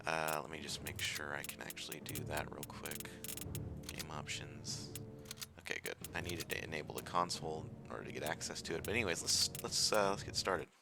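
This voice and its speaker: Male gaming host, rambling casual commentary, very deep, gravelly, game music behind. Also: fairly even intonation, fairly quick. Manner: rambling, self-deprecating, lots of fillers. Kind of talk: casual let's-play commentary.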